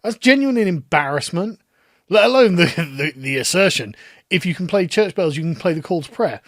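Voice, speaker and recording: A man's voice: high voice, lively intonation, a little fast, dry recording, studio quality. A man giving scoffing, sarcastic commentary on a video clip. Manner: sarcastic, scoffing, laughs at his subject. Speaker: online commentator. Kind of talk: mocking commentary on clips.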